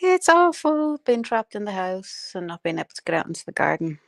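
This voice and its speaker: A woman's voice: mid-range voice, sing-song, a little fast, gravelly, no room sound. Chatty sweary woman hosting a livestream. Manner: chatty, sweary, laughs often, greets viewers by name. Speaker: livestream host. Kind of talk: casual chat.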